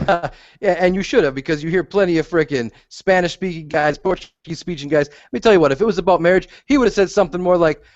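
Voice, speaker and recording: A man's voice: high-pitched, quick pace, no room sound. A man co-hosting a podcast, arguing bluntly and emphatically in casual, profane chat. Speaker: podcast co-host. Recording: dull lo-fi audio.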